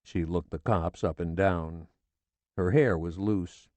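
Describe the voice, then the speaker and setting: A man with a lowish voice reads a novel aloud in a sardonic, blunt first-person telling. The recording is close and dry, with no room sound. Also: fairly even intonation, slow pace, darkish tone, no room sound. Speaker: audiobook narrator. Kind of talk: scripted literary narration.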